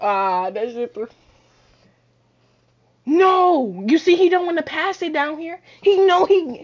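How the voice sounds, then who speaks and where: A woman giving loud, boastful trash-talk commentary while playing a basketball video game, often shouting. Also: extremely high pitch. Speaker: gamer. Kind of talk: live gameplay commentary.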